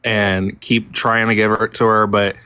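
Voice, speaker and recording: A man's voice: lowish voice, flat delivery, unhurried, sharp tone, clean tone, no echo. A man talking casually in a group live chat, hesitant and full of fillers and restarts.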